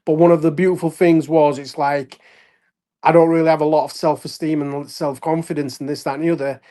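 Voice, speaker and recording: A wrestler and actor from Leeds, speaking with a Yorkshire accent, tells animated anecdotes in a casual interview, laughing often and acting out quotes. His voice is fairly high-pitched and brisk.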